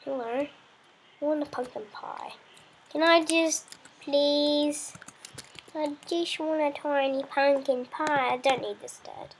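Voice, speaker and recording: A woman with a high voice chats her way through a survival game at an unhurried pace. Her commentary rambles playfully, and she coaxes the animals on screen as if they could hear her. It is the easy, offhand talk of someone hosting her own gameplay channel. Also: steady tone, a little hiss or hum. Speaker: let's play host.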